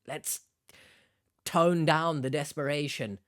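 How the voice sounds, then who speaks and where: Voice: mid-range voice, fairly even intonation, slow pace, dry recording, studio quality. A commentator giving blunt, exasperated reaction commentary, lecturing the viewer.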